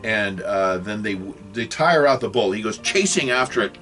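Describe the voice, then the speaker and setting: A man's voice: lowish voice, animated, moderate pace, few pauses, a bit bright, faint music behind. A man in his sixties giving a rambling video lecture, often losing his thread and apologizing. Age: 60s. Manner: rambling, self-correcting, apologetic asides. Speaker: religious video teacher.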